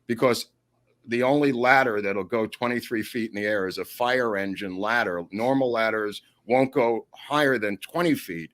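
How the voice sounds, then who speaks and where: A man tells stories as an interview guest. His delivery is animated, and he laughs mid-sentence as he goes. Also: mid-range voice, moderate pace. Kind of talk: storytelling anecdotes in an interview.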